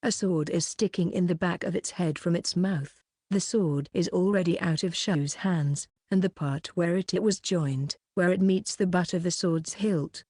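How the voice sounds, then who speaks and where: A woman reads a novel aloud in a low, level voice, taking each line at a measured pace. The recording is dry and close, with no room sound around her. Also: a little mellow, no room sound. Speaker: audiobook narrator. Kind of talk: scripted narration.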